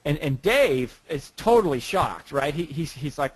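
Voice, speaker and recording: A man's voice: fairly high pitch, very animated, unhurried, hardly any pauses, no echo, rough recording. A man who is a guest author, talking casually and telling stories, often repeating words as he starts a sentence. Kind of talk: casual interview talk.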